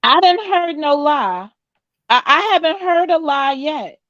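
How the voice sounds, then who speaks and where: A woman hosting a panel who speaks in a measured way and asks pointed questions. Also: high voice, lively intonation, fairly bright tone, no echo, lo-fi sound. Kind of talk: slow deliberate panel talk.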